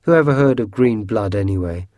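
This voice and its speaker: A man's voice: fairly low pitch, animated, a little fast, dark tone, dry recording, lightly acted. A man voicing a brave, kind young girl in a storybook, speaking firmly and scolding. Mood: indignant. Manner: firm and scolding.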